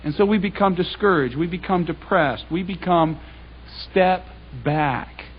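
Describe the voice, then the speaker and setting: At a measured pace, a man with a husky voice that sits high tells stories conversationally in a public Bible talk, taking on other people's words as he acts out the dialogue. This anecdotal sermon comes through on a dull lo-fi recording.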